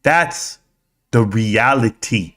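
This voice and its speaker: A man doing an impression of a young male viewer who talks tough but affectionately, in a very slow, drawn-out delivery. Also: mid-range voice, lively intonation, fairly bright tone. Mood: drawling.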